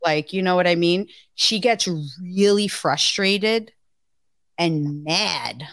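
A woman's voice: lowish voice, slow, fairly bright tone, no echo, clean studio sound. Blunt, salty-talking woman podcast co-host. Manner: frank, salty, swears freely. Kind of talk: casual chat.

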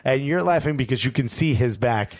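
A man co-hosting a podcast, telling a story in casual chat, animated and laughing as he acts out quotes. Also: medium pitch, brisk. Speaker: podcast co-host. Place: studio.

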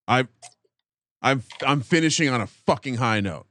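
Casual male podcast co-host, excitable, stammers often, curses casually; dry close mic. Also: medium pitch, moderate pace, dry recording. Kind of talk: casual fantasy draft banter.

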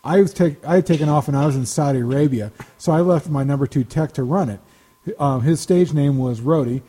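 A man's voice: a little high, a little fast, dark tone. A man telling rambling anecdotes on a casual podcast, chuckling now and then. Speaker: podcast co-host. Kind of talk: casual storytelling chat.

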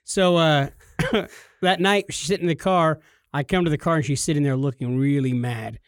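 Casting: high-pitched male podcast co-host, excitable storyteller who acts out the people in his stories, dry close sound. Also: normal speed, dry recording. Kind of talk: animated storytelling chat.

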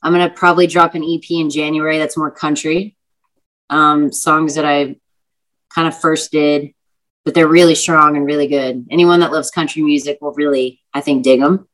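A woman's voice: low voice, little pitch movement, normal speed, fairly bright tone, rough recording. A young woman, an actress and singer, telling stories in a casual chatty interview, full of fillers and vivid retelling.

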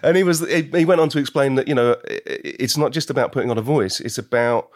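A man's voice: medium pitch, quick pace, dry recording, clean studio sound. A British actor in a casual interview, reflective and laughing easily, often restarting his sentences. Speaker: actor, guest.

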